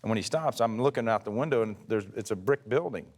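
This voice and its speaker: A man in his sixties, a former pitcher, telling rambling stories in a casual interview and often correcting himself mid-sentence. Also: fast, darkish tone. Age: 60s. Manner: rambling, self-correcting storyteller.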